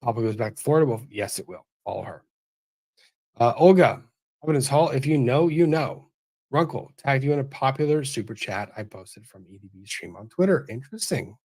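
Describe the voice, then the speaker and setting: A man's voice: mid-range voice, expressive, a little fast, a little mellow. Man reading and answering viewer questions. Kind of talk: livestream Q&A commentary.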